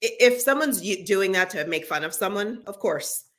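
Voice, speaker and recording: A woman's voice: mid-range voice, animated, normal speed, a bit bright. A middle-aged woman co-hosting a podcast, talking earnestly in casual conversation with frequent restarts. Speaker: podcast co-host.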